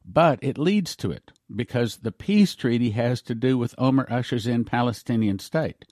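A man's voice: mid-range voice, expressive, a little mellow, no room sound, studio quality. Earnest man reading prophecy news. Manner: earnest, lays out points slowly and spells words out. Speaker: prophecy show host. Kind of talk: preaching commentary, reading news aloud.

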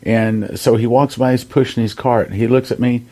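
A man's voice: medium pitch, normal speed. Man retelling healing testimonies. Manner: animated storyteller who acts out quoted people. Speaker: ministry broadcast host. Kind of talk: conversational broadcast testimony sharing.

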